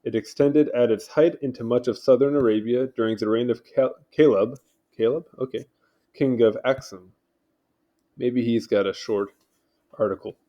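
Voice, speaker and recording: A man's voice: mid-range voice, steady tone, normal speed, dark tone, highs cut off. A man casually reading articles aloud at home, stumbling over names and tossing in offhand remarks. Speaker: video host reading wiki articles. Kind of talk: casual read-along commentary. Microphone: home mic.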